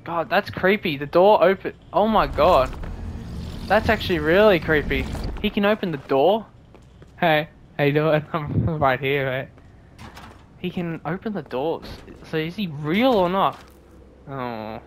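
A man giving jokey, swearing let's play commentary and reacting loudly to scares. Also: a little high, expressive, measured pace, a little hiss or hum. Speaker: gaming video creator.

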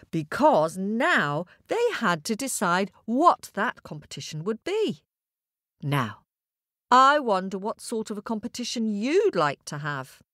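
A woman tells a children's fable in a playful, animated voice that rises and falls a lot. She speaks slowly and talks straight to the young listeners. The sound is dry and close. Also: mid-range voice, no echo. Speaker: storyteller. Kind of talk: children's story narration.

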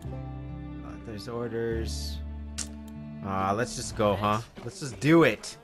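A man giving casual, jokey commentary while playing a video game, talking to himself and the in-game dog with sudden excited outbursts. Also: on the low side, slow, over music. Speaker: gaming video host.

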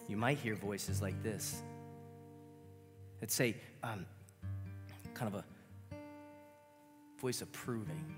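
Man in his thirties, pastor, casual earnest sermon, lowish voice, long hall reverb, guitar playing underneath. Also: measured pace, pauses often. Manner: casual, earnest, self-deprecating humor. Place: church sanctuary.

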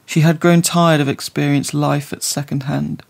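Gravelly man narrating an audiobook. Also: on the high side, flat delivery, moderate pace. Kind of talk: scripted narration.

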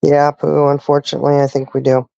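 A woman's voice: low-pitched, little pitch movement, fast talker, gravelly, warm tone, no echo, dull audio. A woman hosting a live stream, ranting indignantly with pointed rhetorical questions. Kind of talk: casual live-stream talk.

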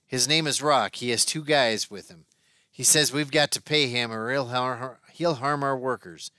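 A man voicing an urgent business partner who talks in a hurried, pressing way. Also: mid-range voice, sharp tone, clean tone, no echo, studio quality, natural voice.

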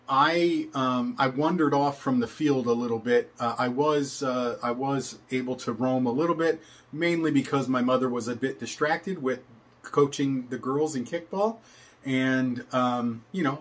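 An older man casually telling a personal story, meandering with many fillers and chuckles. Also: medium pitch.

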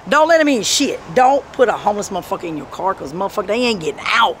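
A woman telling rambling, profane stories in a street interview, breaking into shouts. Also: medium pitch, fast talker. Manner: profane, animated storytelling with sudden shouts. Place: outdoors on a city street. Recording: street noise and passing traffic.

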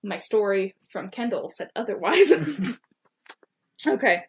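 A woman's voice: medium pitch, expressive, slow pace, slight background noise. A woman co-hosting a podcast, casually reading her old fan fiction aloud and stopping to comment on her own writing. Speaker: podcast co-host.

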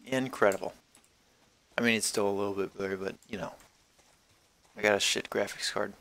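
A man's voice: fairly low pitch, steady tone, fairly quick, creaky, a bit bright. A man giving casual let's-play commentary while gaming, rambling and wisecracking with plenty of swearing. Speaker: gameplay commentator.

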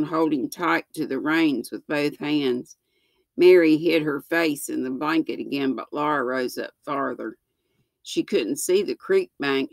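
A woman in her sixties reading a children's book aloud, slow and gentle, with small slips that she corrects. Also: deep voice, dry recording. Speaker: storyteller.

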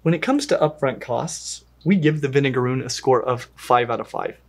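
A pet channel host giving an enthusiastic, playful review of a pet invertebrate, with lively swings in pitch and fond talk to the animal. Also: normal speed. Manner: talks fondly to the animal while handling it. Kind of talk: pet care review vlog.

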